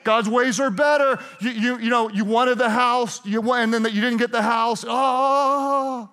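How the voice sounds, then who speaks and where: A middle-aged man preaching a sermon, telling stories in an animated way, restarting and repeating himself. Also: very high voice, unhurried. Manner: storytelling, animated, self-interrupting with repeated restarts. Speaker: pastor. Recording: hall reverb.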